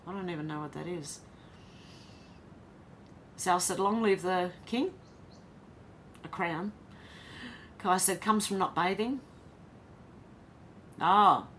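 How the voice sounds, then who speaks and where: Slow and given to long pauses, this Australian livestream host has a fairly low, fairly bright voice. She reads viewers' comments out loud and chats back on her casual stream, and slight background noise can be heard.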